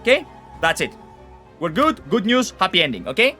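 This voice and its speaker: A man streaming a game, telling a story in animated, profane casual chat. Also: high voice, normal speed, soft background music.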